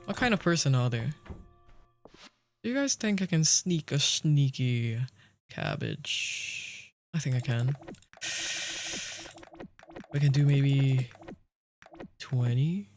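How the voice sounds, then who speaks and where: A man's voice: on the high side, lively intonation, takes it slowly, long pauses, a little mellow. A young man streaming a game, chatting casually with his viewers, rambling and laughing often. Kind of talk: casual livestream chat while gaming. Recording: faint background music.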